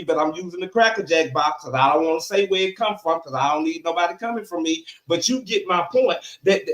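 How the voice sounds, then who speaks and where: A male pastor preaching a sermon in a church, colloquial and lively, calling out to his congregation for response. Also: high-pitched, echoey room. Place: church sanctuary.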